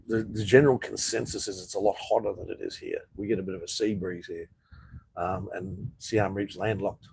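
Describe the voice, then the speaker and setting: Middle-aged Aussie bloke, live-chat host, blunt and sweary, relaxed mellow tone. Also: male voice, fairly low pitch, vocal fry, husky, low-quality recording. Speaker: livestream host. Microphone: phone or webcam livestream.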